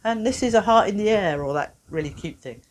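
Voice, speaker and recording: A woman, a therapist giving a playful, expressive workshop talk with self-mocking humor. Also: mid-range voice, brisk.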